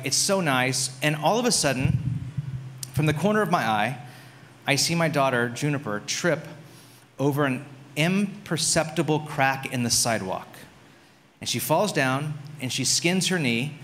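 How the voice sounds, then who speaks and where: A man in his thirties preaching a sermon as a pastor, telling a story in a relaxed, conversational way with lots of "like"s. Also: fairly high pitch.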